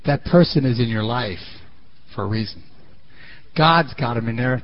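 A man preaching a sermon in an animated way, swinging between loud and quiet, on a muffled lo-fi recording. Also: medium pitch, brisk.

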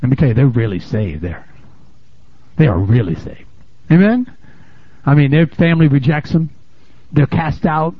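A man preaching a sermon in a lively, conversational way, laughing and calling out "amen?" to the congregation, on a dull, lo-fi recording. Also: medium pitch, slightly rough, dry recording. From United States. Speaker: pastor.

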